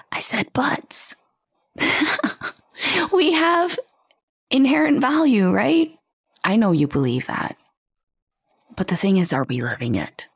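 A woman's voice: on the low side, no room sound, clean studio sound. A woman hosting a podcast, talking earnestly in a conversational way and posing rhetorical questions to the listener. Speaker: podcast host. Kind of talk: reflective podcast monologue.

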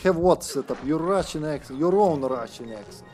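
A man's voice: a little high, expressive, moderate pace, a little mellow. A man streaming a game live, joking, laughing and swearing as he plays. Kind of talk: live gameplay commentary.

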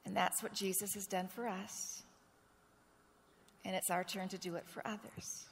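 A woman's voice: mid-range voice, flat delivery, unhurried, creaky, a little hiss or hum. Woman pastor preaching in a reverberant church. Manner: earnest storytelling, acts out quoted dialogue. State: clearing a rough throat. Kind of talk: sermon. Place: church sanctuary. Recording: long reverb of a church sanctuary.

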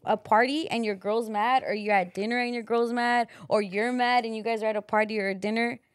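A woman's voice: on the high side, fairly even intonation, no echo. A woman, co-hosting a casual podcast and bantering profanely while acting out what other people say. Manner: quick, profane banter full of acted-out quotes. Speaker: podcast co-host. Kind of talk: casual chat.

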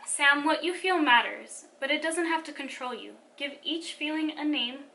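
A woman voicing a calm father who gently reassures his son. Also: high-pitched, normal speed, vocal fry, recorded from a distance, a little hiss or hum, heavily acted, rough recording. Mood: reassuring.

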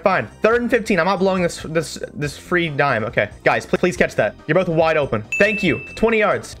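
A man giving excitable, trash-talking commentary while playing an online football game, mocking himself and his teammates. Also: fairly high pitch. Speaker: gaming YouTuber. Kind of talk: live gameplay commentary.

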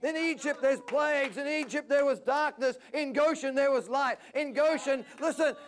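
A man preaching a passionate sermon at a church service, climbing to near-shouts. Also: very high-pitched, moderate pace. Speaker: pastor.

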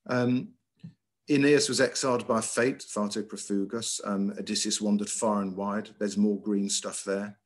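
Middle-aged headmaster, lively slide lecture over a video call, low voice. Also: male voice. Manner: lively, emphatic, with frequent ums and uhs. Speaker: school headmaster giving a talk.

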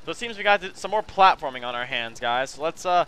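A man's voice: medium pitch, brisk, few pauses, pushed and bright, a little hiss or hum. A man giving chatty video game commentary, often calling viewers his friends and apologizing for what he says. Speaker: let's play host.

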